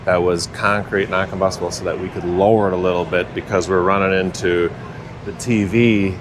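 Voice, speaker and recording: A man's voice: sits low, steady tone, a little fast. A man exhibitor explaining his product at length in a loose, rambling way. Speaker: mantel exhibitor. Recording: noisy expo floor.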